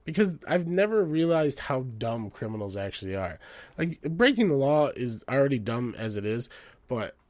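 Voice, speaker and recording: Sweary animated ranting man. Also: medium pitch, normal speed, dry recording. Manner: sweary, animated, swings between loud outbursts and mutters. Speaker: podcast host. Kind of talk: profane comedic rant.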